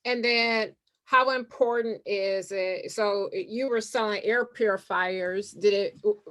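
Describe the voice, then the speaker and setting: A woman hosting a casual interview, a realtor asking measured, thoughtful questions. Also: medium pitch, steady tone, fairly bright tone. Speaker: host, realtor.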